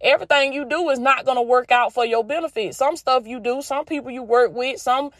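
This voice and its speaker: Here the Southern woman's voice sits high and fairly bright, and she moves fairly quickly through her folksy, faith-centered motivational podcast talk. She leans on repetition for emphasis and calls listeners "baby" and "y'all." There's no room sound, just clean studio audio.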